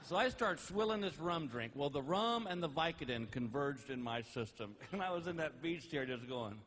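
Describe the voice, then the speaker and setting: A man doing stand-up comedy, telling a story in an animated, exaggerated way, with sudden shouts and put-on voices. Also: fairly high pitch, moderate pace. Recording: noisy live stand-up album recording.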